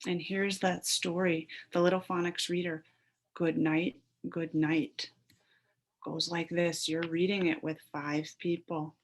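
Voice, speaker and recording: A woman teacher giving a phonics lesson to young children over a video call, sounding out letters slowly and clearly. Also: low voice, little pitch movement.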